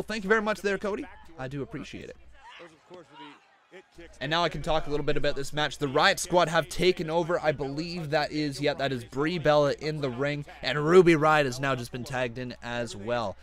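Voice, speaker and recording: A man hosting a live stream who chats about a wrestling show as it plays and reads out viewer donations, getting excitable at big moments. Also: a little high, moderate pace. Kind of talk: live wrestling reaction commentary.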